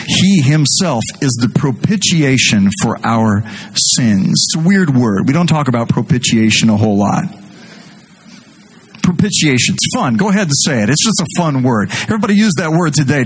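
A middle-aged man preaching a sermon as pastor, animated and jokey, speaking directly to his congregation. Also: mid-range voice, breathy edge.

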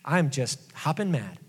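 A man voicing a sulking adult male prophet, complaining in a high, exasperated whine. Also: bright, forceful tone, breathy edge, exaggerated voice. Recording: long hall reverb.

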